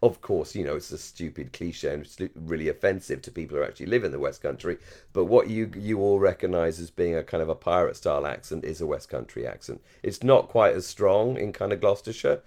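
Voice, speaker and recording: A man's voice: sits low, animated, a little fast, darkish tone. An English man with a received pronunciation accent, chatting enthusiastically as a podcast co-host, with fillers and restarts. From England, Surrey-Hampshire border. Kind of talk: casual chat.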